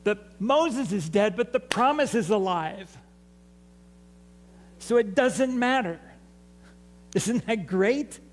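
A man's voice: high voice, animated, takes it slowly, long pauses, rough recording. A man preaching a sermon in a church in a conversational way, asking the congregation to respond. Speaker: pastor. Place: church sanctuary.

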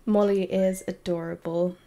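A woman streaming a game live, chatting casually and giggling, with bursts of excited squeals. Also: mid-range voice, unhurried. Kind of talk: casual live-stream chat while playing.

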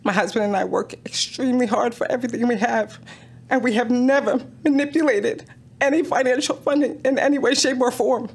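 A woman's voice: fairly high pitch, fairly quick, slightly rough. A woman speaking at a town council public comment, emotional, pleading and insistent.

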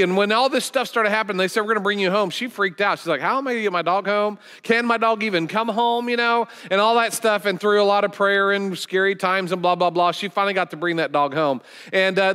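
A man's voice: sits high, pushed and bright, clean tone. A middle-aged man preaching a sermon as a guest pastor, folksy and conversational, telling stories with frequent restarts. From United States. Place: church sanctuary. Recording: long church hall reverb.

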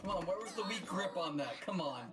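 A woman's voice: lowish voice, animated, a little fast. Woman streaming a game, dramatic and joking, voice jumps around a lot. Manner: dramatic, playful. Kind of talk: live gameplay commentary. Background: loud game music.

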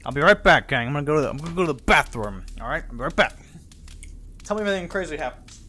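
A young man casually commenting on a horror game he is playing, profane and prone to loud startled outbursts. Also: a little high, expressive, very fast, slight background noise. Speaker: gaming channel host. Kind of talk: let's play commentary.

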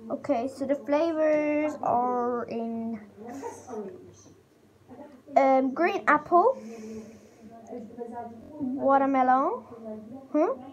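A woman with a high voice talks casually into the camera for a taste-test vlog. She rambles, stops herself mid-sentence and leans on lots of fillers as she goes. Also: very slow, pauses often, highs cut off, crowd noise. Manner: chatty and rambling, with many fillers. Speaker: vlogger.

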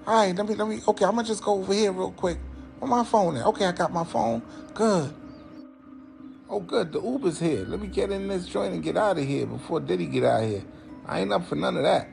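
A man playing a panicked young male rapper fleeing a party, talking in a frantic, high-strung ramble. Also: fairly quick, creaky, darkish tone, soft background music. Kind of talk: comedy skit impression.

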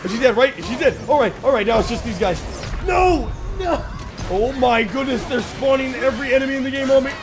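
A young man giving joking, excitable let's play commentary, talking back to the game characters. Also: extremely high pitch, brisk, over music. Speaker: gaming YouTuber.

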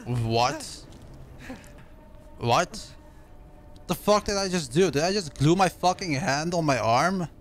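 A male streamer giving live gameplay commentary, loud and excitable with constant swearing. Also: on the high side, slow, pauses often, a little hiss or hum.

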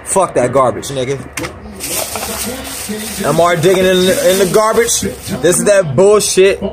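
A man's voice: high voice, normal speed, music in the background. An angry man talking casually as he repairs electronics on camera, swearing constantly and rambling. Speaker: vlogger repairing a console power supply. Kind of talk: profane casual repair vlog.

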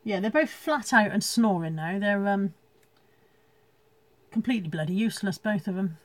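A woman's voice: medium pitch, lively intonation, normal speed, no room sound. A woman chatting casually from home on a live stream, rambling, laughing often and reading out viewer comments. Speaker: reseller hosting a live stream.

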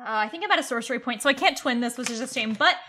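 A woman playing a tabletop game, planning her character's moves out loud in casual talk. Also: a little high, animated, racing, breathy edge. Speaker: player.

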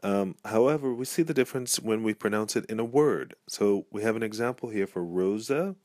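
Male tutor for an alphabet lesson: low-pitched, unhurried, repeats every example, dry recording. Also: a little mellow, no room sound. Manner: slow, careful, repeats each word twice. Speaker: language teacher.

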